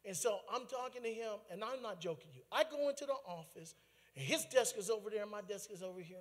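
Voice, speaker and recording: A high-pitched man preaches a personal testimony, his voice ringing through a big hall with a long echo. He tells his story in an animated way, full of asides and laughter. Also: fast talker. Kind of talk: testimony sermon.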